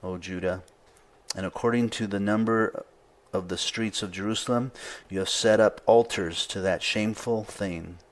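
A man's voice: lowish voice, steady tone, normal speed. A male pastor preaching a sermon in an easygoing conversational way, reading scripture aloud with rising emphasis.

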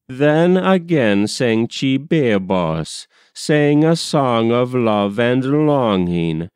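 A man reads a narrative poem aloud with a measured, rhythmic recitation and an unhurried, deliberate pace. His voice is smooth and clear, sitting at a middle pitch. The recording is dry and close. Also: darkish tone, no room sound. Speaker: audiobook reader. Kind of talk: scripted poetry narration.

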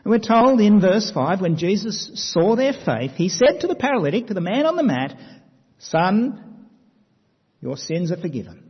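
A man's voice: high-pitched, big pitch swings, fairly quick, few pauses, slightly rough. Man, sermon, dramatic storytelling, dull muffled sound. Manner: dramatic storytelling, drops to quiet emphasis. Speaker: preacher. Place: church hall. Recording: dull sound with long hall reverb.

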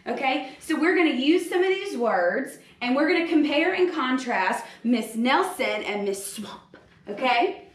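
Lively woman teacher on a kids' video lesson. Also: high-pitched, a little slow. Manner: upbeat, explaining with hand gestures. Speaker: third grade teacher. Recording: roomy echo.

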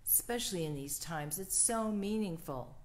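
A woman minister leading a church livestream offering and prayer in a slow, gentle, prayerful cadence. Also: fairly low pitch, animated.

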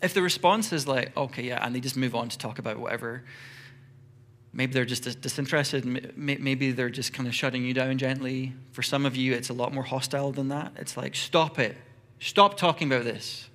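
A middle-aged man preaching a sermon in a church, lively, acting out short everyday dialogues in quick voices. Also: mid-range voice. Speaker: pastor.

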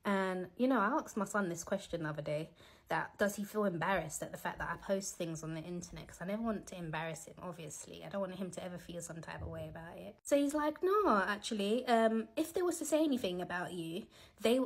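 A woman's voice: fairly low pitch, fast, vocal fry, breathy edge. Sassy woman preaching at home. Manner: animated, sassy, teasing. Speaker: Christian vlogger. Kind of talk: casual preachy commentary.

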